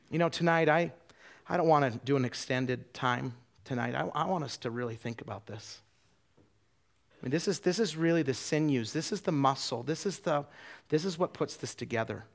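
A pastor tells a story during a sermon at a moderate pace, speaking loosely and conversationally with many restarts. He lowers his voice for quoted lines.

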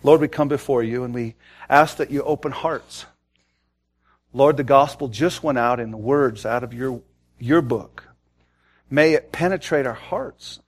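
A pastor in his forties preaching a sermon, telling stories and acting out the quotes with big swings from loud to soft. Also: mid-range voice, unhurried. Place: church sanctuary.

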